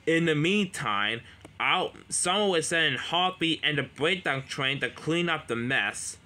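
A man's voice: on the high side, expressive, unhurried, bright, forceful tone. A man voicing a stern older railway boss who scolds the engines.

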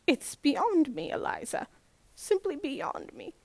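A woman's voice: high voice, very animated, slow, no echo, voice pushed up, full character voice. Woman voicing a distraught older headmistress. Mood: reproachful.

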